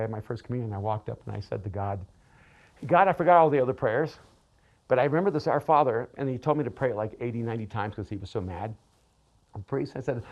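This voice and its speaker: A middle-aged man, a pastor and author, telling a personal story in an animated way, often laughing and repeating words. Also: medium pitch, highs cut off. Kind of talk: storytelling talk.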